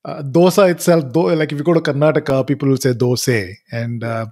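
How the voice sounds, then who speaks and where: A man's voice: on the high side, fast, a little mellow. A man hosting an interview podcast, speaking casually with frequent restarts and affirmations. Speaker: podcast host.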